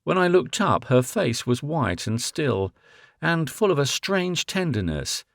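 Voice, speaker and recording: A man narrating an audiobook in a measured literary reading. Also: on the high side, sing-song, vocal fry, no room sound, clean studio sound. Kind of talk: scripted narration.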